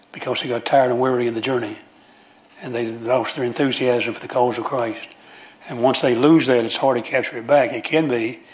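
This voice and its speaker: Man preacher, homespun sermon delivery, repeats and restarts phrases, average pitch, church. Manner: folksy storytelling with frequent restarts and repetition.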